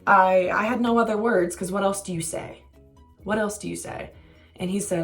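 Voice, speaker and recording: A woman's voice: medium pitch, normal speed, soft background music. A young woman telling a casual storytime vlog, candid and self-mocking, swearing freely. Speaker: vlogger.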